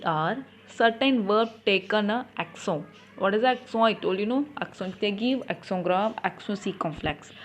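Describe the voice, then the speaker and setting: Give me a woman teacher who asks and answers her own questions, with faint background noise. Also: mid-range voice. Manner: spells letters aloud and asks then answers its own questions. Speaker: French teacher. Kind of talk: classroom lesson.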